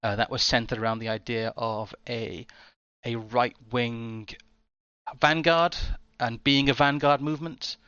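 A man's voice: mid-range voice, steady tone, unhurried, pushed and bright, smooth, dry recording, muffled recording. A man hosting an interview, chatty and a bit rambling, with frequent restarts as he covers event details. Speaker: host.

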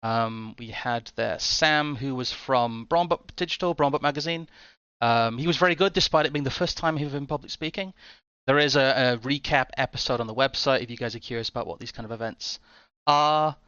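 A male host with a bright, crisp voice, talking in a chatty, rambling way. The sound is dry but somewhat dull and muffled, as if through a modest mic. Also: medium pitch, a little fast, no room sound. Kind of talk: casual interview hosting.

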